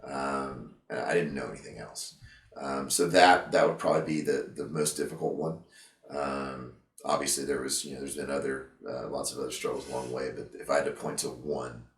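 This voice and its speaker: Very deep-voiced man, halting and reflective. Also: steady tone, reverberant, recorded from a distance. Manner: halting, reflective, many fillers and restarts. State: emotional at times. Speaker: interview guest, veteran and gym owner. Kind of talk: candid interview conversation.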